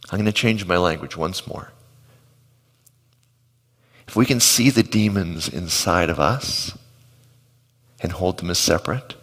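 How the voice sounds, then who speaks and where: Low-voiced pastor preaching in a reverberant hall. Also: male voice, slightly rough. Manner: conversational storytelling with asides to the congregation. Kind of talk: sermon. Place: church auditorium.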